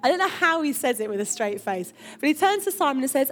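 A woman pastor preaching a lively, chatty sermon with emphatic asides. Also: high voice, fast, hardly any pauses, slight background noise.

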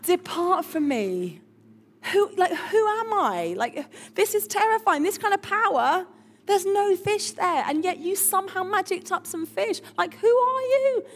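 A woman preacher voicing a proud, blustering male fisherman who turns awestruck, in a loud, indignant manner. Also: lively intonation, measured pace, full character voice. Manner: indignant, boastful, high and loud.

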